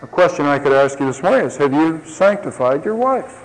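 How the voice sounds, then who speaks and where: A man preaching a sermon, swinging between emphatic rises and quiet low asides, with humorous stories for the congregation. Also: animated, moderate pace, in a large hall, low-quality recording. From lived in Ohio. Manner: tells humorous anecdotes to the congregation.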